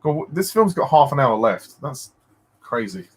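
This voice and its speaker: Man, fan commentator, unhurried, very expressive pitch, giggles often. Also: breathy edge. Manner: laughing, enthusiastic, swings widely in pitch. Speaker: film commentator. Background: film soundtrack music playing.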